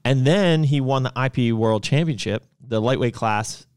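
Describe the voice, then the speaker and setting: A man's voice: mid-range voice, moderate pace, a little mellow, smooth, dry recording, studio quality. A man co-hosting a casual livestream chat, rambling and correcting himself as he goes. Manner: rambling, loose, self-correcting. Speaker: podcast co-host and supplement brand owner.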